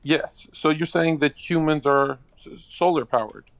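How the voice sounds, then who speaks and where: A man's voice: fairly high pitch, a little slow, no echo. A man calling in to a casual chat, provocative and crude, laughing at his own bits. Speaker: caller.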